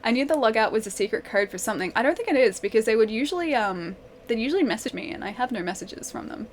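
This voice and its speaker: A woman's voice: a little high, animated, fast, slight background noise. A young woman game streamer in casual live-stream chat, giggling often as she reads and answers her viewers' messages.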